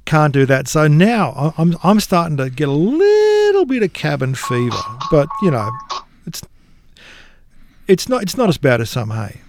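A man's voice: fairly high pitch, huge pitch swings, normal speed, over music. Chatty man hosting. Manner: chatty, loose and informal. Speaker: podcast host. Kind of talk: casual chat.

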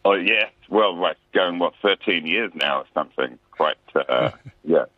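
A man's voice: deep voice, lively intonation, measured pace, no echo. A man, a musician guest chatting casually and self-deprecatingly in a radio interview. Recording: dry tinny phone line.

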